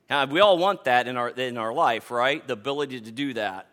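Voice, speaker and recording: A man in his fifties preaching a sermon as pastor, emphatic and animated, repeating words as he builds a point. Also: medium pitch, brisk, few pauses. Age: 50s.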